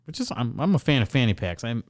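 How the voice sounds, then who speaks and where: A young adult man co-hosting a podcast tells a store story in casual chat, speaking fast in a mid-range voice. He is animated, mimics customers in a raised voice, and swears freely.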